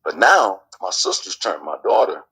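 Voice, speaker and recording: A man telling a personal family story as a guest, lively and acting out the quotes. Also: low voice, normal speed, vocal fry, breathy edge, low-quality recording.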